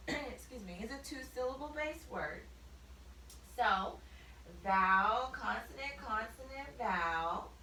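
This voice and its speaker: A woman teaches a spelling lesson, spelling words out letter by letter. Her voice is highish and bright, and she speaks very slowly and carefully. She sounds set back from the mic in a roomy, echoing space. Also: slight background noise. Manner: slow, deliberate, spells out letters. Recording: echoey room, mic at a distance.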